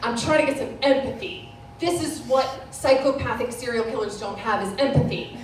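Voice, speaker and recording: A woman's voice: on the high side, normal speed, soft background music. A woman performing a stand-up comedy routine, telling a story in a mock-serious way and laughing at her own punchlines. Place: bar stage before a live audience. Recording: echoey room from far off, noisy.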